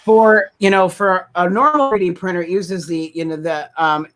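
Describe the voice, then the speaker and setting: A man's voice: sits high, moderate pace, fairly bright tone. Eager man rambling about his hobby. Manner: eager, rambling, restarts mid-sentence. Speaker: podcast co-host. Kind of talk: casual chat.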